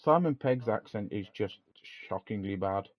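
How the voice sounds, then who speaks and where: A man's voice: fairly low pitch, lively intonation, normal speed, crowd noise. A man co-hosting a casual podcast, chatty and rambling, laughing often. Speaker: podcast co-host. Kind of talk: casual chat. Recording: dull lo-fi sound.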